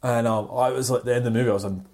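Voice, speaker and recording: A man cohosting a casual banter podcast, animated and quick to laugh, hopping between topics. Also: medium pitch. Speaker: podcast co-host.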